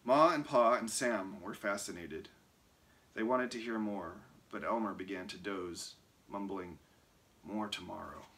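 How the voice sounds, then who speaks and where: A man reading a picture book aloud in an expressive, lively way. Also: on the low side, measured pace. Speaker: reader.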